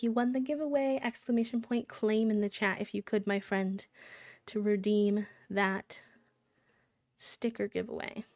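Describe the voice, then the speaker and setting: A woman's voice: mid-range voice, steady tone, unhurried, darkish tone, no room sound. A woman live streamer chatting casually and playfully with her viewers, breaking into sing-song countdowns.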